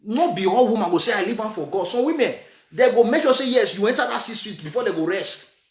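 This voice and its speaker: A man's voice: high voice, animated, fast. A man with a Nigerian accent gives earnest, repetitive relationship advice in a casual preachy monologue, mixing in Nigerian Pidgin. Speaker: vlogger giving relationship advice. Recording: echoey room.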